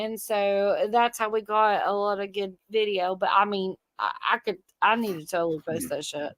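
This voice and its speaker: A woman hosting a casual stream, telling stories loudly and teasing, laughing often. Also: mid-range voice, normal speed, few pauses, no echo. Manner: loud, laughing, teasing storyteller. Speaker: host. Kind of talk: casual live-stream chat.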